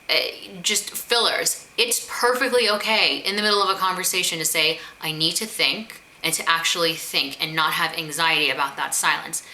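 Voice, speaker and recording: A woman giving advice straight to the camera in a direct, emphatic way, often slipping into little acted-out phrases. Her voice sits a bit low but sounds very bright and sharp. The room around her rings with a noticeable echo. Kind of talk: advice vlog. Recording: echoey room.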